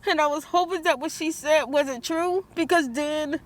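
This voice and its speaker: A woman's voice: high-pitched, normal speed, slight background noise. A woman vlogs about her stressful morning, praying aloud and restarting her sentences, out near a car. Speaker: vlogger. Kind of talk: emotional vlog monologue.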